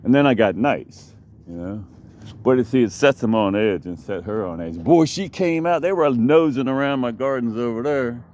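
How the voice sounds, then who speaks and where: A man's voice: mid-range voice, lively intonation, moderate pace, a little mellow. A man telling a long, meandering story in a casual vlog, cursing freely and drifting from one thought to the next. He speaks outdoors in his backyard. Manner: rambling, profane, digressive storytelling.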